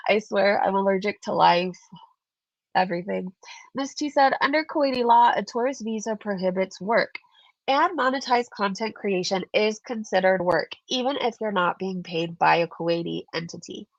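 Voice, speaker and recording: A woman's voice: medium pitch, moderate pace, creaky, no room sound, lo-fi sound. A woman hosting a casual commentary vlog, chatty and sarcastic, sounding stuffed up as she reads viewer comments. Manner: chatty, sarcastic, laughs often. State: stuffed up, congested. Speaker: commentary channel host.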